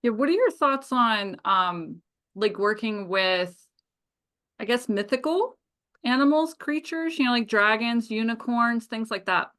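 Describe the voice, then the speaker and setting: Woman host asking guest questions, kinda higher voice, halting. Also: expressive, fairly bright tone. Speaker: podcast host. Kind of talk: interview questions.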